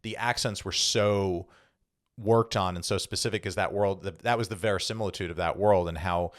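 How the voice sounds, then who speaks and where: A man's voice: deep voice, steady tone, moderate pace, dry recording, clean studio sound. A man co-hosting a podcast, explaining things in a casual, rambling way full of restarts. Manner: rambling, self-correcting explanations. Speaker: podcast co-host. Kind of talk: casual chat.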